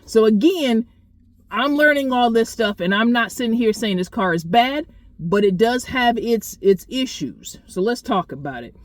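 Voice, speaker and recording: A fairly high-voiced woman vlogs in a relaxed, chatty way, blunt and animated, with the odd swear word thrown in. Her voice sits close and dry, with almost no room sound around it. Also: normal speed, no echo. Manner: chatty, talks straight to viewers. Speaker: car owner vlogger. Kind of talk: casual storytelling vlog.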